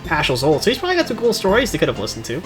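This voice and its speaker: A man's voice: a little high, racing. Joking man narrating a game. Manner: joking, mocking, shifts between quiet asides and excited outbursts. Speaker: let's play host. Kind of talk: casual game commentary. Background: game music.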